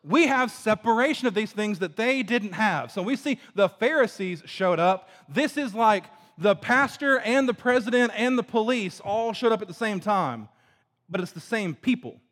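A high-pitched man preaches in a loose, chatty way, dropping fillers and tossing questions out to his listeners. He sounds like a youth pastor talking through scripture. The sound rings with the long echo of a church hall. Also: animated, moderate pace, fairly bright tone. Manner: chatty, filler-heavy, asks the audience questions. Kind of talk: casual conversational sermon. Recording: echoey hall.

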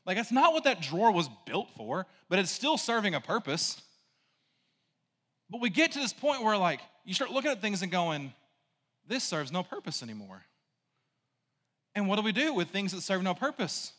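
A man's voice: sits high, sing-song, moderate pace, fairly bright tone, long reverb tail. A man preaching a conversational sermon, casual and rambling, full of asides and "right?" checks to the congregation. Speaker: pastor.

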